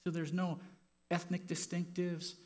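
A man preaching a sermon as pastor in a church, moving from quiet, personal reflection to loud, impassioned stretches. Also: high voice, completely flat delivery, measured pace.

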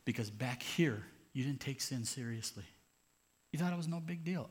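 A man's voice: mid-range voice, expressive, moderate pace. A man, a pastor, preaching a sermon in an earnest, conversational way.

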